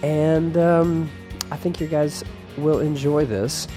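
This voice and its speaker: A man's voice: on the high side, flat delivery, takes it slowly, mellow, big-room sound, faint music behind. A man hosting a podcast and team-preaching a sermon on a church stage, joking and rambling with self-deprecating asides.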